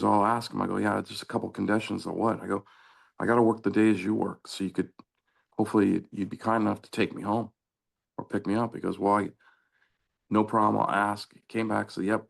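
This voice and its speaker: Gravelly-voiced man telling lively stories. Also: lowish voice. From Southern California. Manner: animated anecdotes, acting out quoted dialogue. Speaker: interview guest, former pro soccer player. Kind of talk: casual storytelling.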